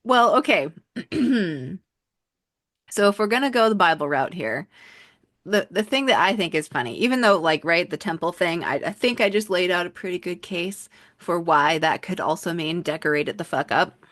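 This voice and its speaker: A woman co-hosting a podcast, talking frankly and with lots of swearing in a casual, animated chat. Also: lowish voice, normal speed, dry recording, studio quality. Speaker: podcast co-host.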